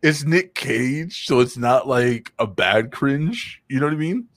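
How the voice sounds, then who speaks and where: A man's voice: mid-range voice, animated, unhurried, fairly bright tone, no room sound. A man in loose, profane banter who rambles and laughs easily. His voice sits close and dry, with no room sound around it. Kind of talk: casual banter.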